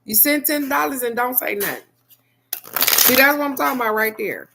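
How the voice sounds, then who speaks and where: A middle-aged woman doing a casual live-stream card reading, loud and animated, swearing freely and laughing big. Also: sits high, normal speed, gravelly, noisy background. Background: faint background music.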